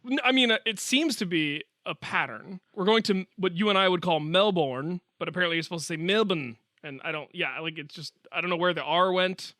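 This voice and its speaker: Speaking fast with few pauses, a man co-hosting a science podcast works through a listener email in a joking, conversational style, tossing in playful asides. His high voice sounds pushed and bright, and the clean studio recording has no room sound.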